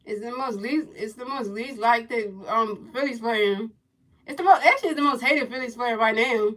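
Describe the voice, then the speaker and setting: A woman livestreaming a baseball video game, giving playful play-by-play commentary, teasing her chat with repeated questions and sing-song pitch calls. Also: moderate pace, a bit bright, poor audio. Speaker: gaming livestreamer.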